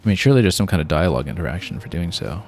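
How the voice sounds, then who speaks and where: A man's voice: low-pitched, lively intonation, very fast, faint music behind. A man streaming a video game, thinking aloud and planning his next moves with casual fillers. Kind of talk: casual gameplay commentary.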